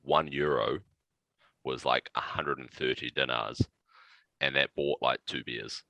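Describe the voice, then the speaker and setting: A man, a podcast guest telling a road-trip story in casual, swearing, animated chat. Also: rumbling low, a little slow, creaky, no room sound, dull audio. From New Zealand. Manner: animated anecdote-telling with profanity and laughs.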